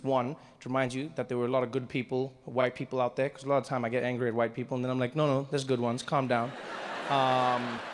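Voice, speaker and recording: A man from South Africa performing a stand-up comedy set, animated and acting out other people's voices. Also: mid-range voice. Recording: live hall reverb, faint audience noise.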